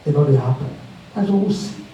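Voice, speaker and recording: Male pastor, high voice with a mellow tone, preaching in a big echoey church from a distance from the mic. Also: lively intonation, brisk. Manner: preaching with acted quotes and pidgin asides. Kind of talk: sermon. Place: church hall. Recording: very echoey hall, mic far off.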